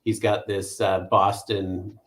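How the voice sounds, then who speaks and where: A man from Canada chatting casually, relaxed and a little hesitant. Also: low-pitched, takes it slowly. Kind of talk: casual chat.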